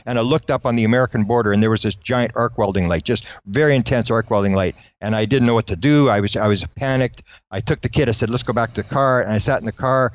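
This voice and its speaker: Male storyteller, quick and animated, does little voices for quoted people; close, dry, slightly dull mic. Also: mid-range voice, dry recording. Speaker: guest recounting UFO encounters. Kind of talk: anecdotal storytelling.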